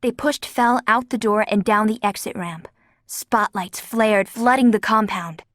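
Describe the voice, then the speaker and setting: A woman's voice: medium pitch, unhurried, fairly bright tone, dry recording, studio quality. A woman narrating an audiobook with a vivid, dramatic reading. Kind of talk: scripted narration.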